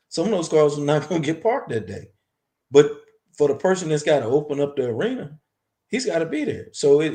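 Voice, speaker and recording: A man, a longtime club member, speaking as a guest in a casual interview, measured and halting with frequent restarts. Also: fairly high pitch, mellow.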